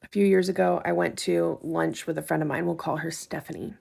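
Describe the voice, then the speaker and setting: Gravelly low-voiced woman telling a story. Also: fairly even intonation, brisk, darkish tone. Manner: wry, conversational, acts out quotes. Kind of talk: casual storytelling.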